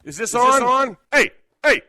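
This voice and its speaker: Brief: high, lively male voice snapping at someone to be quiet, dry clip. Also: a little fast, no echo.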